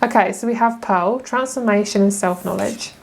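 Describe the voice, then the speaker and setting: Woman, young adult, tarot reader, casual chat, gushing, mid-pitched. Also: moderate pace, gravelly, a little hiss or hum. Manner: chatty and gushing, laughs often. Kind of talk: casual pick-a-card reading.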